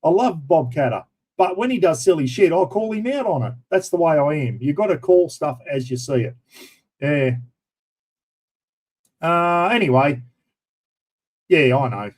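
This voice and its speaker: A man's voice: a little high, lively intonation, measured pace, long pauses, darkish tone, breathy edge, rough recording. Blunt rambling Australian man. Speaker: livestream host. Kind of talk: casual livestream chat.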